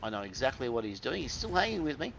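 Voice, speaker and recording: A man's voice: mid-range voice, sing-song, quick pace, vocal fry, a bit bright, faint music behind. Laid-back Australian man with crude slang. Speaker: gameplay commentator. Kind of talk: casual game commentary.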